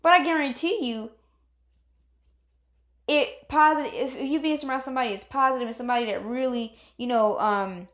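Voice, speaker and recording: A woman's voice: sits high, normal speed, fairly bright tone. A woman giving a motivational pep talk, emphatic and preachy, repeating phrases for stress. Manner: calls on God in exclamations. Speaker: motivational speaker.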